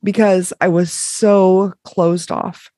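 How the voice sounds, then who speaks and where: A woman hosting a podcast, speaking reflectively and haltingly with many fillers. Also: lowish voice, level tone, mellow, no echo, studio quality. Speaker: podcast host. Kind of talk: casual podcast interview.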